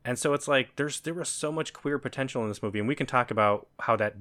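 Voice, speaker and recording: A man hosting a podcast, chatting and telling stories in a relaxed way. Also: medium pitch, fast. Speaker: podcast host. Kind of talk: casual podcast chat.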